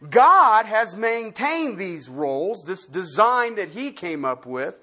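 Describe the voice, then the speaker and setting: Animated, unhurried Bible teacher with a husky voice; preaches with rhetorical questions and loud-to-quiet swings. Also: medium pitch. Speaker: pastor. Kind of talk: Bible-study sermon.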